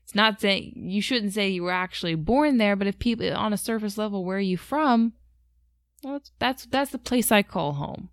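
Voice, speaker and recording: A talkative American woman co-hosting a casual chat, with lots of "like" and easy laughter. Her voice sits at a middling pitch. The sound is dry and close. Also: moderate pace, no echo. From United States. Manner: talkative, uses 'like' a lot, laughs easily. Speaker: podcast co-host.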